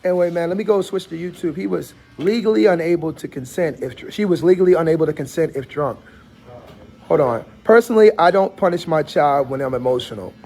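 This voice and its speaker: A man's voice: on the high side, a little fast, creaky, dark tone, faint music behind. A man hosting a casual livestream from a barbershop, chatting and reading out viewers' comments. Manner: talkative, reads out chat comments. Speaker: livestream host.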